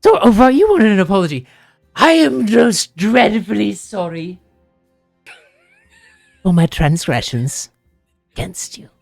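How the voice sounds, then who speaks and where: A man's voice: low voice, fairly even intonation, measured pace, long pauses, mellow, no echo, faint music behind. A man voicing a refined male cat-folk figure who speaks in an eloquent, formal manner. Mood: mock-apologetic. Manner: eloquent, formal, posh-sounding accent.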